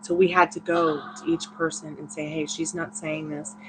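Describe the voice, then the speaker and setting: A woman's voice: low-pitched, little pitch movement, normal speed, background noise. A tired woman hosting a tarot livestream, telling a long personal story in a candid, rambling way with frequent laughs. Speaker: tarot reader and livestream host. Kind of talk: casual livestream chat.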